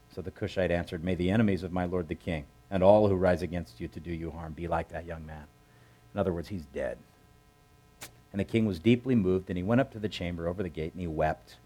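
A man with a lowish voice preaches a sermon in a relaxed, conversational way. He tells the story like a chat with the congregation. He jumps up in pitch to act out the characters' lines. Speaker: pastor.

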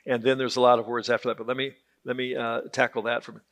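Man teaching Bible class, gravelly voice, bright and forceful tone, joking, conversational. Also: mid-range voice, little pitch movement, fast talker. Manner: joking, conversational, repeats words when restarting.

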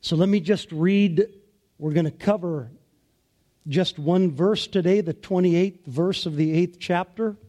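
A man preaching a sermon as pastor, in a slow, deliberate and emphatic way. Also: high voice, warm tone, lo-fi sound.

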